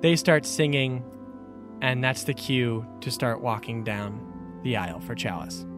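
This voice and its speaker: A man's voice: mid-range voice, unhurried, music in the background. A man narrating scene changes in an improvised comedy show.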